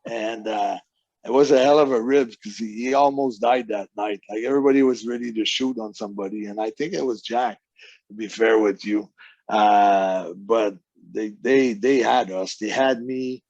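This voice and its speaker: A man's voice: medium pitch, fairly even intonation, moderate pace, a little mellow, no room sound, muffled recording. A man, a wrestling guest telling long rambling stories in a casual interview, acting out the people he quotes. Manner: rambling anecdotes with quoted voices.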